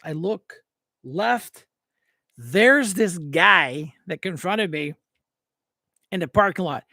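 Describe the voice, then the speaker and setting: A middle-aged man from Northwestern Pennsylvania retelling a confrontation in an animated, casual monologue, acting out both sides of the argument. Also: high-pitched, no room sound, clean studio sound. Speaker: show host.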